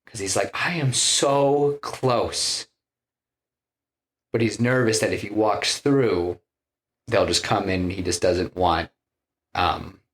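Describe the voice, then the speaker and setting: A man casually retelling a film plot on a podcast, rambling with many fillers and restarts. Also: deep voice. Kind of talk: casual chat, retelling a story.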